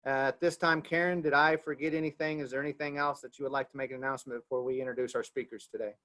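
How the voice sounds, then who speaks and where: A man's voice: medium pitch, fairly even intonation, rapid-fire, pushed and bright. A man with an Oklahoma accent hosting a video call, giving loose, repetitive, folksy announcements. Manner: loose, repeats himself, folksy. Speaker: webinar host.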